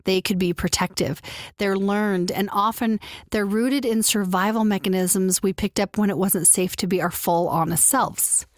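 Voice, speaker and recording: A woman hosting a podcast, talking gently and encouragingly to the listener about her own habits. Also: mid-range voice, fairly even intonation, normal speed, no room sound, clean studio sound. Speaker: podcast host. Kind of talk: reflective solo podcast talk.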